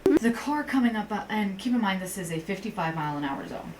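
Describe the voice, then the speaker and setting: This woman speaks briskly in a mid-range voice, co-hosting a podcast and telling a casual story with lively, acted-out quotes and some swearing. It's recorded on a distant mic with faint hiss.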